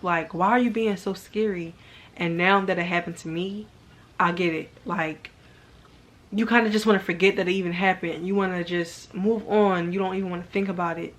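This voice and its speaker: A young woman telling a personal story to camera in a casual, rambling way, filling her sentences with "like" and sounding earnest and subdued. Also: lowish voice. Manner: rambling, heavy use of "like" as filler. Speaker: vlogger.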